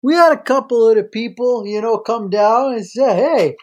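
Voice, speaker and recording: A man's voice: very high voice, moderate pace. A man from central Iowa, a pediatric infectious disease doctor, co-hosting a podcast in casual banter and laughing often.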